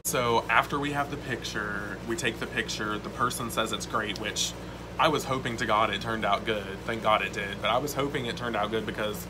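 A man telling a story to camera in casual vlog style, excited and swearing often, with lots of "like". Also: on the low side, a little fast, noisy background. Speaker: vlogger.

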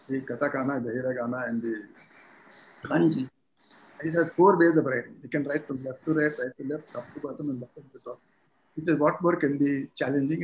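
An old man of about eighty explains his views patiently and livens up when he tells a story. His voice sits a little high. He was recorded in an echoey room with a faint hiss behind him. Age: around 80. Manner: measured, explanatory, animated when telling stories. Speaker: guest, retired judge. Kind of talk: conversational interview, storytelling.

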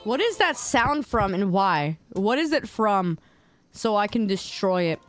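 A woman streamer reacting to memes live, loud and exclamatory, repeating her phrases over and over. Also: mid-range voice, big pitch swings, measured pace. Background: music.

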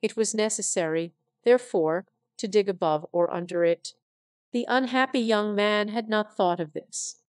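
A synthetic text-to-speech woman reading a classic novel aloud as narrator, with even delivery. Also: medium pitch, normal speed, dry recording, studio quality.

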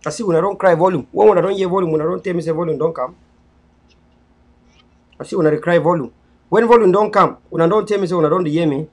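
Cameroonian pidgin-accented man, high gravelly voice, repeats himself like a preacher, loud then low. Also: fast talker, long pauses. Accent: Cameroonian Pidgin English. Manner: repetitive and preachy, swinging between loud pleas and low murmurs. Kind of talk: impassioned live-stream address.

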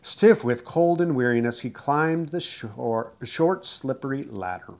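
A man reading a children's book aloud, expressive and dramatic, shouting out the characters' cries. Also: medium pitch, a little slow. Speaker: storyteller.

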